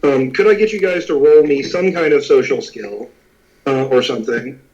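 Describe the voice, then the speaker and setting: A man's voice: mid-range voice, moderate pace, a little mellow. Rambling male game master, muffled audio. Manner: rambling, many fillers and restarts. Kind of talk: narrating a tabletop game.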